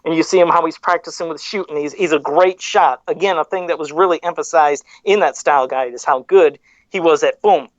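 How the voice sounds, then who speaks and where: A man's voice: a little high, fairly quick, no room sound. A male podcast host talking casually and wandering into side rants, often stopping to correct himself. His voice comes through slightly dull and muffled. The room sounds completely dry.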